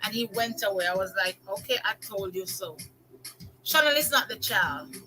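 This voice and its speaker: An older woman with a Jamaican accent, telling stories in a casual monologue, lively, repeating phrases for emphasis and slipping into patois. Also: mid-range voice, moderate pace, faint music behind, poor audio. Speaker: vlogger.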